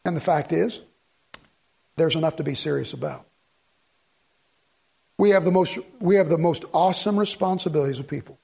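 A man's voice: fairly high pitch, expressive, normal speed, creaky, pauses often, a little mellow, breathy edge. A man preaching a sermon to a congregation in a folksy, rambling way with joking asides. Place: church in front of a congregation.

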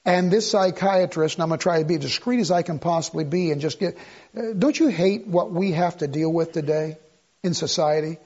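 A man's voice: a little high, fairly quick, a little mellow. An older man preaching a sermon in an emphatic, repetitive, conversational way that rises to outbursts. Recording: dull lo-fi recording.

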